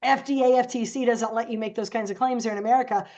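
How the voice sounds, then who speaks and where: A woman's voice: fairly high pitch, fairly even intonation, fast talker, darkish tone. A woman guest on a podcast, telling stories casually and animatedly and acting out the voices she quotes. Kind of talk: casual storytelling.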